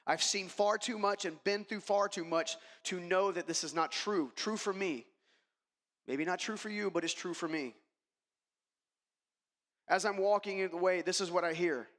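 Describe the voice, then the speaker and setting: A man's voice: high voice, normal speed, a bit bright. A man giving a motivational keynote, telling a personal story emphatically and speaking straight to the audience. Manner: emphatic, addresses the audience directly. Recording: long reverb of a large hall.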